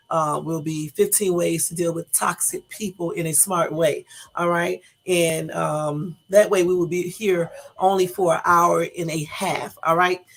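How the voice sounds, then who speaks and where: A middle-aged woman hosting her own livestream in a casual, rambling chat, talking very fast. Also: on the low side, husky. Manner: talks very fast, chatty and rambling. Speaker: livestream host.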